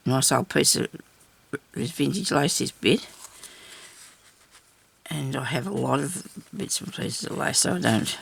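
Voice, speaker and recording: Older woman, craft host, heavy gravel and husky tone, rambling self-talk while she works at home. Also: sits low. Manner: rambling, talks to herself while working. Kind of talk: casual crafting chat.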